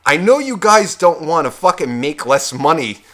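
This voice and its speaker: On a podcast, a male co-host launches into a casual, profane rant about a shopping trip, voicing both people in the exchange. His voice sits on the high side and sounds fairly bright and very animated, and he keeps a moderate pace.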